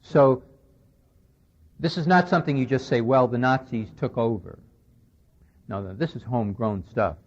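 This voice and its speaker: A man's voice: medium pitch, moderate pace, pauses often, darkish tone. A man giving a conversational lecture, recounting a conversation and speaking with emphasis, on an old radio recording. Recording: dull lo-fi 1990s radio recording.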